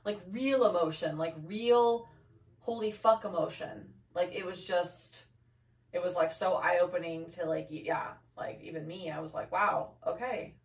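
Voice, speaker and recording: A woman co-hosting a podcast, blunt and teasing, quick to cut in during a candid chat. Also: fairly low pitch, reverberant, far from the mic. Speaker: podcast co-host.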